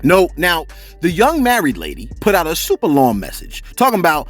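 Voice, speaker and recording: A man hosting a celebrity gossip channel, talking in animated, joking street slang. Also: fairly high pitch, normal speed, soft background music.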